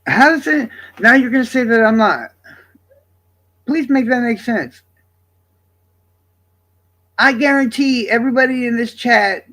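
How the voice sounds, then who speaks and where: Speaking in a very high voice, a man on a livestream rants at his chat in a casual, profane, defensive way. His volume swings between loud and quiet.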